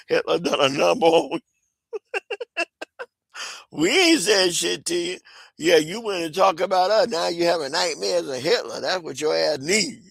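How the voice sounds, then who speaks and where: A man rants with a rough, gravelly edge, laughing and cursing as he talks. His pitch leaps and drops all over the place, falling to low mutters and then jumping up into loud cries. The sound is dry and close. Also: animated, a little slow, pauses often, no echo. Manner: laughing, profane, swings from mutters to shouts. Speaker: commentator. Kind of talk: casual rant on a call.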